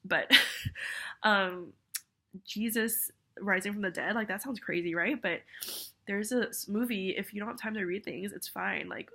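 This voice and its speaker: A woman's voice: medium pitch, a little slow, creaky, pushed and bright. A young woman with a cold, talking in a rambling, self-deprecating way full of fillers and apologies in a casual video message. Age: young adult. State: congested with a cold, sniffly. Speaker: vlogger.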